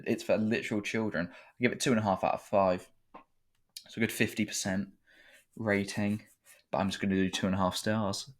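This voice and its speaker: Sarcastic low-voiced man reviewing. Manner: sarcastic, profane, rambling. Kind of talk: casual sweary review.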